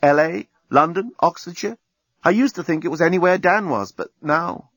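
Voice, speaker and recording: A man's voice: fairly high pitch, moderate pace, fairly bright tone, husky, no room sound, pitched above the performer's own voice. A man voicing Lucy, a thoughtful woman who speaks earnestly about her life. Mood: reflective.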